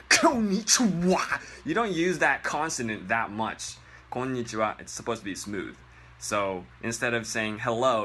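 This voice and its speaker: A man from Japan hosts a comedic Japanese lesson in a bright, sharp voice that swings widely up and down in pitch. He is animated and profane, and he mocks clumsy pronunciation with exaggerated impressions. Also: a little hiss or hum. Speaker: Japanese language teacher. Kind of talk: comedic online language lesson.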